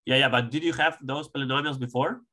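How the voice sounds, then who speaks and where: Male audience member, bright edgy voice, seminar question, polite, probing. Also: mid-range voice, fairly even intonation, fast.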